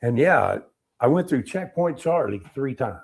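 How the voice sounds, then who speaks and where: A middle-aged man, an Army veteran, telling war-era stories in a casual interview, animated and acting out what people said. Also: mid-range voice, a little slow, vocal fry, breathy edge. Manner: animated storyteller, acts out quotes, laughs.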